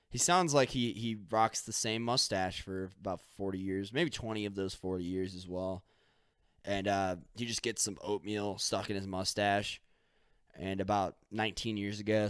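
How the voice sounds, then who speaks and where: A man's voice: on the low side, clear, resonant tone, dry recording, studio quality. A man hosting a solo podcast, rambling loosely, swearing casually and making up stories as he goes. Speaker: podcast host.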